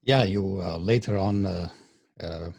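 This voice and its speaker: A man's voice: deep voice, unhurried, gravelly, darkish tone, no echo. A male interviewer who asks his questions with hesitant, trailing phrasing.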